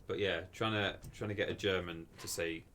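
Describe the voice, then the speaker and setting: A young man with a lowish voice chats casually while streaming a game. He rambles, talks himself down and answers his chat aloud. A faint hiss of noise sits under the recording. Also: steady tone, a little fast, sharp tone. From England. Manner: chatty, rambling, self-deprecating, reads chat aloud.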